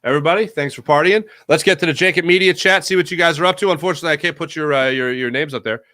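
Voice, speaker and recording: A man hosts a loose sports talk stream, working through viewer comments with rambling, jokey asides and quick self-corrections. His voice sits a little higher than most men's. The sound is dry and close, with no room around it. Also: sharp tone, no room sound. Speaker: sports talk show host. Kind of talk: casual live-stream chat reading viewer comments.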